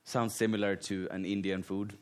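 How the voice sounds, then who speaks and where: Telling personal stories as a guest preacher, a Finnish man with a Finnish accent laughs often and keeps things animated and self-deprecating. His voice is low and clean-toned, and he speaks at a moderate pace.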